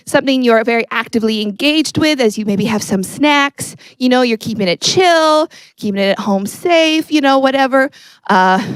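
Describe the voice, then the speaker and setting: A woman doing a musical comedy set with deadpan, self-mocking asides as she introduces her songs. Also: on the high side, clean tone, no room sound. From Canada. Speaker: comedy singer. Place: stage filmed without audience. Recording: with guitar music behind. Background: acoustic guitar.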